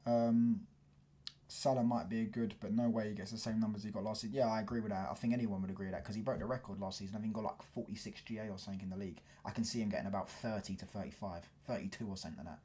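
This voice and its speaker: Slangy London lad, low voice. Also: male voice, steady tone, very fast, mellow. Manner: casual slangy, keeps asking "do you get what I'm saying". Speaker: football live streamer. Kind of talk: live stream chat reading comments.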